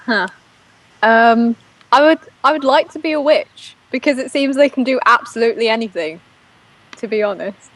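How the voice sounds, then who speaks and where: A woman with a London accent, a guest on a casual fan chat, answering hesitantly with many pauses and ums. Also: a little high, a bit bright, no room sound, poor audio.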